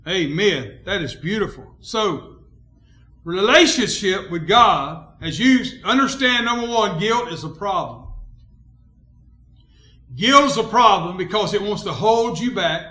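A man pastor preaching a sermon in a church, emphatic, swinging between quiet and loud, calling out for amens. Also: high-pitched, expressive, unhurried, echoey room, faint music behind.

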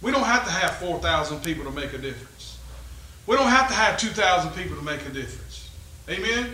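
Pastor guy preaching in an echoey church, high bright voice, goes quiet then loud. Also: very animated, quick pace. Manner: swings from low conversational musing to loud rising exhortation. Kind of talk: sermon and closing prayer. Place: church sanctuary.

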